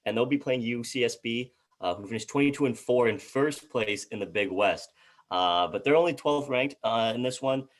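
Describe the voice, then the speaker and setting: A man's voice: medium pitch, moderate pace. A man co-hosting a casual sports chat, reading out team records and stumbling over player names. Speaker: co-host.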